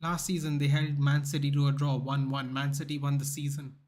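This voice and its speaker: Male streamer, slightly high voice, casual rambling opinionated chat for a football watchalong. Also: level tone, a little fast, a little mellow. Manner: rambling, opinionated, peppered with "dude".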